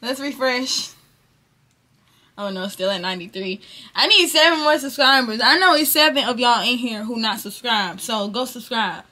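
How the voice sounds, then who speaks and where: A woman's voice: fairly high pitch, moderate pace, bright, forceful tone. Chatty young woman vlogging to camera. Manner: chatty and informal, talking straight to viewers. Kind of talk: casual vlog chat to camera. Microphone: camera mic.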